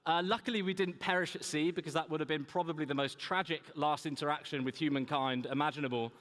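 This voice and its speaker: A young man with a slightly high voice tells funny adventure stories from a conference stage. His talk rings out with the long reverb of a large hall. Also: steady tone, fast talker, a bit bright. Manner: humorous, anecdotal storytelling. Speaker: keynote speaker. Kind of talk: storytelling keynote talk.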